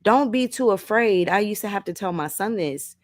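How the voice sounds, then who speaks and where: A woman's voice: mid-range voice, animated, moderate pace. A middle-aged woman hosting a casual motivational livestream, reading viewers' comments aloud, laughing often and calling listeners baby and honey. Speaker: livestream host.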